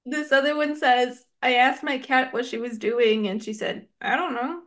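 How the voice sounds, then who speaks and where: A woman's voice: high voice, fairly bright tone. A woman co-hosting a podcast in casual chat, reading stories aloud and giggling often. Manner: giggly, reads stories in an easy, unhurried way. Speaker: podcast co-host.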